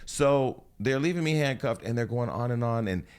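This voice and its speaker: A man's voice: mid-range voice, lively intonation, moderate pace, a little mellow, clear, resonant tone. A man hosting a casual talk show, telling a long personal story with lots of swearing and acted-out quotes. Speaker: host.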